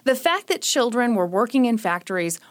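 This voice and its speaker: A woman's voice: on the high side, sing-song, fairly quick. A young woman hosting a podcast, telling a true-crime story in a casual, sarcastic way. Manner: sarcastic, joking. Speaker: podcast host.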